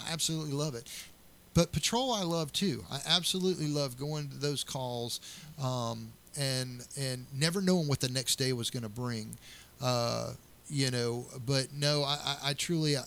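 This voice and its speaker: A man's voice: medium pitch, moderate pace, vocal fry, a bit bright. A middle-aged man, a county sheriff, answering interview questions earnestly and telling stories with many restarts.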